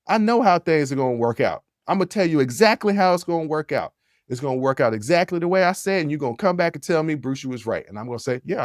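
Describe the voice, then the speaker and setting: A man's voice: medium pitch, a little mellow, no echo, studio quality. Confident, emphatic male podcast host. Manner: confident, emphatic, preachy advice-giving. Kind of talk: casual solo podcast talk.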